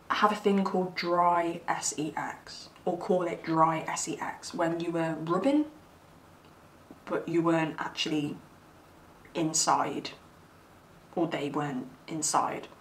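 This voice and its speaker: A woman giving a casual tarot reading, chatty and giggly, rambling with plenty of fillers. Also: on the low side. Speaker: tarot reader. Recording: roomy sound, mic at a distance, faint background hiss.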